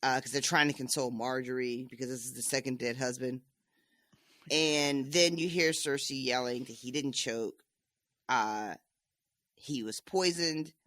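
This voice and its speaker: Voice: medium pitch, a little slow, a bit bright, dry recording, studio quality. A podcast co-host casually recapping book chapters, laughing often.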